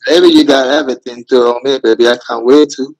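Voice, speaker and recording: A man's voice: mid-range voice, steady tone, a little fast, darkish tone, poor audio. A man on a voice chat, pleading and sweet-talking in broken English, calling her baby over and over. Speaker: scammer. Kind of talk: romance-scam voice chat.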